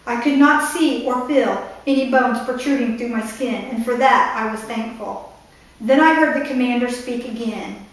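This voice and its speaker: A woman's voice: fairly high pitch, normal speed. Woman author reading aloud in an echoey room. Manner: breaks off to explain the story in asides. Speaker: author reading her novel. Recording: echoey room, distant mic.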